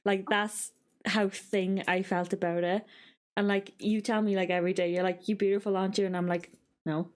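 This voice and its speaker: A woman, co-hosting a podcast in casual, candid chat full of likes and quick laughs. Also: medium pitch, flat delivery. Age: 20s. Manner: halting and candid, many likes, laughs often.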